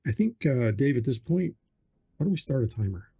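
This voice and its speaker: A man's voice: mid-range voice, sing-song, brisk, vocal fry, warm tone, breathy edge. A man narrating as game master of a tabletop game, hesitant and full of fillers.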